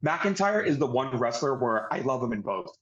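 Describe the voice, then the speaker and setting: A man with a mid-pitched voice co-hosts a laid-back podcast, rambling through his opinions. His voice comes through dull and lo-fi, lacking crispness. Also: sing-song, normal speed, fairly bright tone. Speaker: podcast co-host. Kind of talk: casual wrestling review chat. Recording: dull lo-fi audio.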